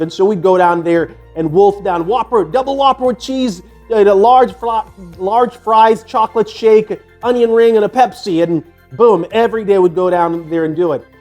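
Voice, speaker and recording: An older man spins a loose, profane story from his youth in a slightly high voice, circling back with fillers and restarts. Soft music plays faintly under his talk. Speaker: fitness vlogger. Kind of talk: casual storytelling.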